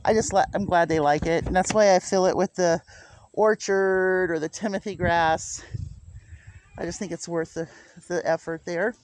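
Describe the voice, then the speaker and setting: At a normal pace and with a steady, slightly mellow tone, a homestead vlogger chats to her camera while walking her small farm outdoors. She gets chatty and coos at the animals in a high, sing-song baby-talk voice.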